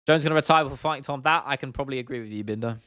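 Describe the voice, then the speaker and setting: A man's voice: medium pitch, rapid-fire, pushed and bright, no echo, studio quality. A young man from England hosting a casual livestream, talking bluntly and swearing freely while reacting to viewer comments. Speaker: livestream host.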